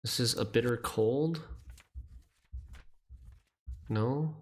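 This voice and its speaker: A man's voice: medium pitch, very slow. A man streaming a game, thinking aloud as he works through a puzzle and questions himself.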